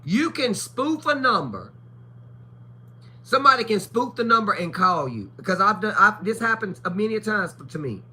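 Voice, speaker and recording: On a livestream, a woman co-host chats casually, telling blunt, profane stories and acting out the voices of people she quotes. Her medium-pitched voice is husky, pushed and bright, with big pitch swings at a normal speed.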